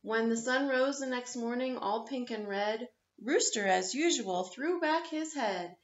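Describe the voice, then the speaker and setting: Woman reading a picture book slowly. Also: fairly high pitch. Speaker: librarian reading for story time. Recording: echoey, slightly dull room.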